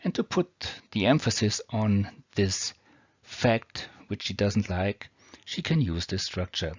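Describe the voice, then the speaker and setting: A low-voiced man with a German accent walks through English grammar rules. He speaks slowly and deliberately and reads each example with care. The recording is dry and dull, as if made on a cheap mic at home. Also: animated, breathy edge, no room sound. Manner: slow, deliberate, reads example sentences carefully. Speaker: teacher. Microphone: built-in or cheap mic.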